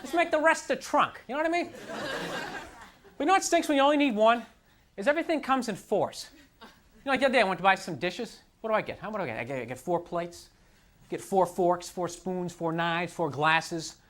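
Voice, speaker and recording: Laughter and crowd noise fill this live club recording of a man's stand-up routine. He rants with frustrated self-mockery and slips into mocking voices, his high, fairly bright voice moving a little fast with lively intonation.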